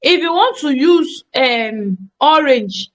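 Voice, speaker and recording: A woman's voice: high voice, lively intonation, takes it slowly, fairly bright tone. A woman teaching a live online graphic design class, emphatic and repetitive, often checking that students follow.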